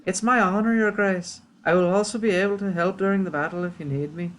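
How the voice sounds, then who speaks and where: A man's voice: high voice, steady tone, brisk, a bit bright, pitched above the performer's own voice, rough recording. A man voicing a woman witch and healer in a game, with a put-on accent. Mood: wry.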